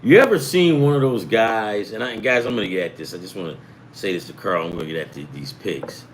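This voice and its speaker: On a casual sports betting show, a middle-aged man from the US East Coast, at home in California, tells rambling, profane stories and acts out the voices of the people he quotes. He speaks fast and animatedly in a lowish voice, with a little hiss or hum on the recording.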